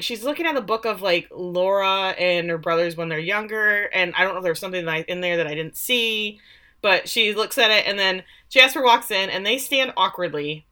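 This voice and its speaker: A woman's voice: medium pitch, pushed and bright. A woman co-hosting a podcast, recapping a TV episode in casual chat with sarcastic asides and lots of fillers. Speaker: podcast co-host.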